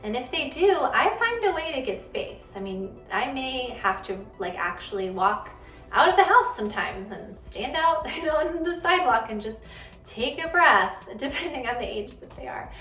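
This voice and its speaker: A woman's voice: high voice, sing-song, normal speed, fairly bright tone, distant mic. A woman in her thirties hosting a parenting show, talking earnestly and conversationally about handling kids' feelings. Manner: earnest, conversational, acts out quoted kids and parents. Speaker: parenting vlog host. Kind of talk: casual advice talk to camera. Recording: echoey room, slightly off-mic, faint music.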